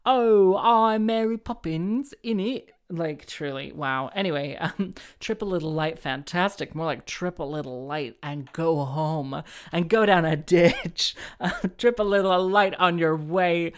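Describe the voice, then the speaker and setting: A woman with a low, unhurried voice hosts her own show as a solo host and harpist. She rambles casually and mocks herself, her talk full of fillers, restarts and giggles.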